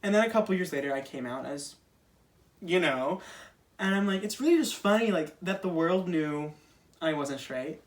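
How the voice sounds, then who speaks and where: A man's voice: fairly high pitch, expressive, moderate pace, recorded from a distance. A young man performing a casual stand-up monologue, chatty and self-deprecating with lots of fillers. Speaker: stand-up comedian.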